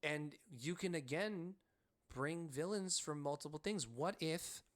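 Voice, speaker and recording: A man co-hosting a podcast, telling a story in an animated, excitable way and leaning on the word "like.". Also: a little high, unhurried. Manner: frequent "like" fillers. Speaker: podcast co-host. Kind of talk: casual storytelling chat.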